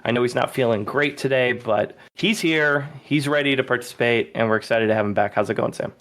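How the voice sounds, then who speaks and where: A man's voice: mid-range voice, a little fast, a bit bright. Joking male podcast host. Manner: joking, playfully teasing. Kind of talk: casual chat.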